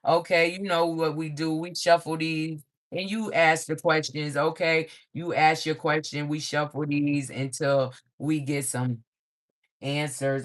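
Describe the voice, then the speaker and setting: A man giving a livestream tarot reading to his viewers in a loose, profane, animated way, laughing often and ending many lines with "okay?". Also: a little high. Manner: profane, frequent "okay?" check-ins. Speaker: tarot reader.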